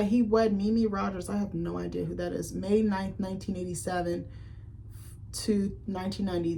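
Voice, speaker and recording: A woman's voice: medium pitch, darkish tone, slight background noise. A young woman, a vlogger giving candid, slangy celebrity commentary, thinking aloud in casual chat.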